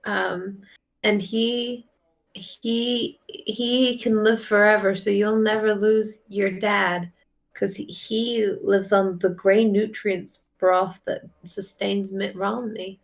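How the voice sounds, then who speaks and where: A woman's voice: medium pitch, little pitch movement, takes it slowly, vocal fry. A woman playing a tabletop game with friends, talking casually with many fillers and a playful, hesitant manner. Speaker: player.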